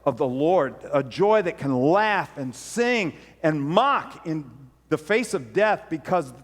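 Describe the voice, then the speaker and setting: A man with a high voice delivers a sermon as a lively storyteller, lifting his voice sharply whenever he quotes someone. The sound carries a long church reverb. It comes across as a pastor speaking from the pulpit. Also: slow pace. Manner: storytelling, acts out quoted preacher with rising intensity. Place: church sanctuary.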